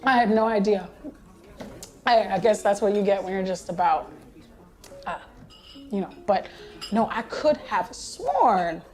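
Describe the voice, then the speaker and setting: A woman's voice: medium pitch, expressive, a little slow, long pauses, a little mellow, soft background music, close to an everyday voice. A woman playing an older male hospital patient who rambles chattily, with laughing asides, in a stage play monologue. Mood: rambling.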